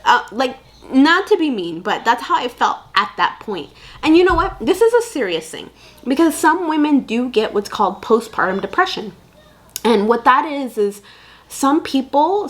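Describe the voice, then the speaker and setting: A young woman vlogging candid parenting advice in a casual, chatty way, full of fillers and asides. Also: on the high side. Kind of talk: casual chat to camera.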